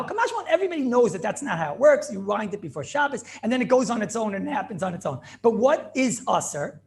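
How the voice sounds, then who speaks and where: Animated rabbi, high gravelly voice. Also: male voice. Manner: animated questioning, answers his own questions, repeats phrases. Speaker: rabbi teaching a class. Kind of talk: Talmudic class lecture with back-and-forth questions.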